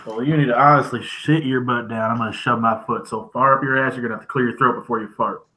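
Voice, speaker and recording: A man doing a fast, crude cowboy. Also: medium pitch, fairly even intonation, sharp tone, natural voice, low-quality recording. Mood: threatening. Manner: crude, threatening. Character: rough, foul-mouthed cowboy man.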